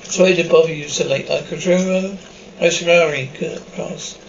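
A man reading subtitles and sound cues aloud in an even, unhurried way. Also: fairly high pitch, creaky. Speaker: reader of captions. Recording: dull lo-fi recording with faint hiss.

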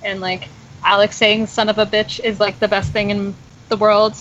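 A woman's voice: medium pitch, little pitch movement, normal speed, fairly bright tone. A young woman hosting a podcast, recapping a TV episode in casual chat with lots of fillers. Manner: chatty, lots of "like" and "um". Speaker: podcast host. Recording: dull lo-fi sound with faint noise.

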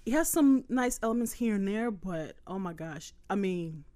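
Animated woman telling a faith story. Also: medium pitch, normal speed. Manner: animated storytelling, laughs often, emotional. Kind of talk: casual faith chat.

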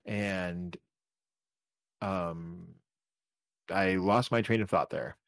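A man's voice: deep voice, fairly even intonation, very slow, gravelly. A man co-hosting a casual fantasy football podcast, rambling and correcting himself as he walks through numbers, a little tired. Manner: rambling, self-correcting, talks through stats. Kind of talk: casual chat.

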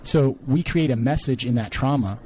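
Man, life-coach guest, earnest and searching, mid pitch, long winding thoughts, faint noise behind. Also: normal speed, a little mellow, poor audio. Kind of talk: reflective conversational explanation.

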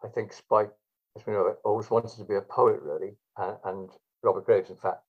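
A man's voice: fairly low pitch, fairly even intonation, moderate pace, breathy edge. A man telling stories as a guest in a rambling, hesitant way. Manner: rambling, hesitant, many fillers. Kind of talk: anecdotal storytelling. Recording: dull lo-fi recording.

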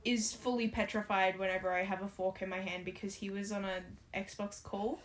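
A woman's voice: mid-range voice, flat delivery, normal speed, a little hiss or hum. A woman co-hosting a casual podcast from home, rambling through anecdotes and swearing casually. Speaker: podcast co-host. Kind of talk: casual chat.

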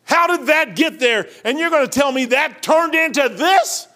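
High-voiced fervent preacher man. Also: animated, normal speed. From Kentucky. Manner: fervent, swings between shouting and hushed asides. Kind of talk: impassioned preaching.

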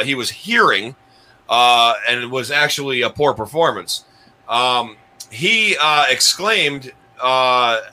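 A man's voice: mid-range voice, pushed and bright, rough recording. A man hosting a comedy countdown show, rambling with restarts and chuckling at his own jokes. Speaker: host.

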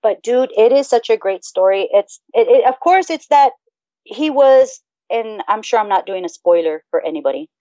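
A woman's voice: on the high side, normal speed, dry recording. Woman co-host, casual and rambly, swears freely; dull lo-fi sound, dry. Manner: profane, animated, rambling. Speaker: podcast co-host. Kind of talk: casual chat.

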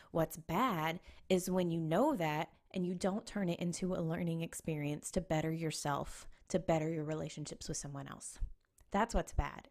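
Lower-voiced woman giving earnest advice. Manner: earnest, conversational, checks in with "okay?". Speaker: relationship advice speaker. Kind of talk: casual advice talk.

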